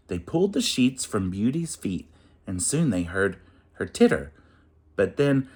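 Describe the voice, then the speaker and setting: A man reading a rhyming children's picture book aloud in an expressive, sing-song way. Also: on the low side, slow, husky.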